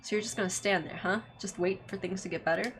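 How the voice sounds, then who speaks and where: A woman's voice: mid-range voice, steady tone, quick pace, background noise, close to an everyday voice. A woman voicing a blunt, tough young male gang leader who talks in a swaggering, condescending way. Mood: gruff.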